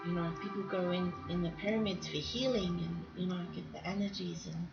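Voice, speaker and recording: A woman's voice: lowish voice, fairly even intonation, fairly quick, gravelly. Chatty woman rambling with frequent laughs. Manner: chatty, laughs often, many fillers and restarts. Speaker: artist commentating while drawing. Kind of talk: rambling casual commentary. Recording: dull lo-fi sound with music behind. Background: music.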